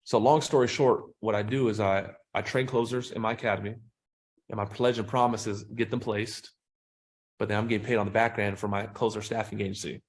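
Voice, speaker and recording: A sales trainer appearing as a podcast guest tells animated, profane stories during a casual interview. His voice sits on the low side and he talks briskly.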